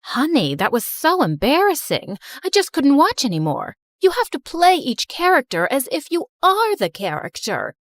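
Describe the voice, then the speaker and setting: A woman's voice: high voice, huge pitch swings, normal speed, few pauses, no echo, clean studio sound, voice pushed up. A woman voicing a vain, dramatic former actress who is the narrator's mother, speaking in a theatrical, grandiose manner.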